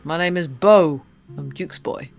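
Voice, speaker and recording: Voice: mid-range voice, measured pace, creaky, faint music behind. A streamer voicing a grieving young man in a game, read out in an earnest, plain way.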